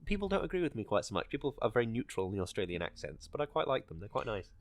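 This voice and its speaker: A very animated man with a mid-range voice talks very fast as a podcast co-host. His casual chat is rambling and hesitant, packed with fillers, and there's no echo.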